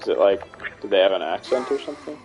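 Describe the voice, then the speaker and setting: A young man in casual chat with a friend, laid-back and musing, thinking out loud with lots of "like.". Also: lowish voice, sing-song, fast talker, music in the background. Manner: laid-back, musing, talks through ideas with many "like"s.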